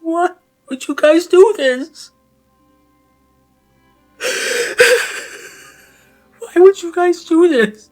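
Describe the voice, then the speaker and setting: A man voicing a sweet, soft-spoken older woman who teaches science, hurt and then apologetic. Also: low-pitched, lively intonation, fairly quick, faint music behind. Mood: heartbroken.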